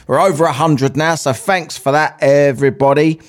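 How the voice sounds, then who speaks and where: A man's voice: a little high, fairly even intonation, moderate pace. A man hosting his own podcast, talking casually and swearing as he wanders between asides. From England. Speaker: podcast host. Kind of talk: casual solo podcast chat.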